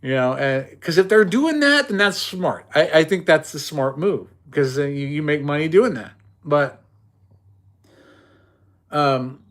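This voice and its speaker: This middle-aged livestream host has a medium-pitched, slightly bright voice. His casual chat is blunt and tough, full of free swearing, rambling, and stammered restarts.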